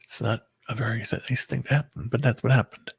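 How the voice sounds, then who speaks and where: Man, husky and gravelly, halting storyteller full of "you know"s, dry close sound. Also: medium pitch, steady tone, dry recording. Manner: halting and rambling, heavy filler words, bitter. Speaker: person recounting a breakup. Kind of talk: emotional personal storytelling.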